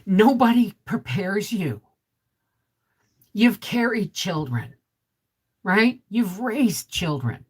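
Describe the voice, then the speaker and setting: A middle-aged woman with a deep, resonant voice, hosting a casual vlog live stream. She chats straight to viewers, reads their comments and keeps asking "right?". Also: very animated, slow, pauses often, darkish tone, husky. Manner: chatty, talks straight to viewers with frequent "right?". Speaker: homesteading vlog host.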